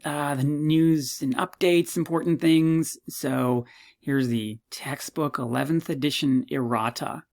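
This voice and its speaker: A man teaching a university psychology course, walking students through his course website in a chatty, self-mocking way, full of jokey asides and sudden jumps in pitch. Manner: quick, animated delivery with sudden pitch jumps. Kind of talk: recorded course walkthrough lecture.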